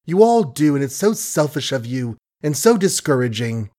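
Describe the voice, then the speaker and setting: A man's voice: mid-range voice, sing-song, moderate pace, warm tone, natural voice. A man reading an audiobook and raising his voice to play a refined young woman who pleads in breathless, upper-class speech. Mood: pleading. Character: young well-bred woman, pleading and frightened. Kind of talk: audiobook character voice.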